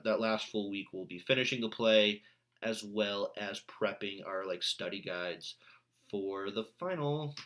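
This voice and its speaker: Man, english teacher, recorded video lesson, chatty and mildly sarcastic, bright tone. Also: on the low side.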